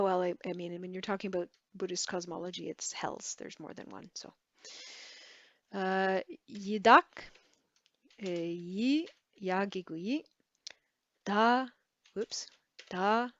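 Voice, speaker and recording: A woman teaching a Tibetan lesson, halting and correcting herself as she spells words out syllable by syllable. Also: medium pitch, dry recording, muffled recording. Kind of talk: relaxed online language lesson.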